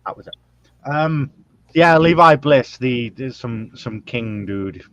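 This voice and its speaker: A man's voice: mid-range voice, lively intonation, slow pace. Crude rambling man on a dull mic. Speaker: host. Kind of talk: casual podcast chat.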